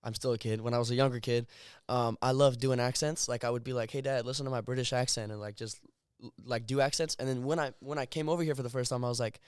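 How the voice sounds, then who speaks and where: A man's voice: mid-range voice, fairly even intonation, quick pace, few pauses, clean tone, dry recording, clean studio sound. A teenage boy from South Africa, with Afrikaans as his first language, who speaks English with an American accent and chats casually as a guest, laughing often and using many fillers. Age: teens. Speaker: guest singer. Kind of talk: casual chat.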